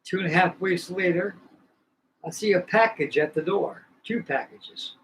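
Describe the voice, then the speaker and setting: Building a model kit on his live stream, this scale model builder in his sixties spins a long, rambling, folksy tale in casual chat and keeps repeating himself. He has a high, fairly bright voice and a measured pace, captured in a rough recording.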